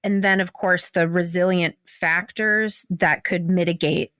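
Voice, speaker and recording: A woman's voice: lowish voice, steady tone, measured pace, dry recording. Woman podcast host going "mm-hmm" a lot, affirming, dry close sound. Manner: warmly affirming, frequent "mm-hmm". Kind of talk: interview hosting.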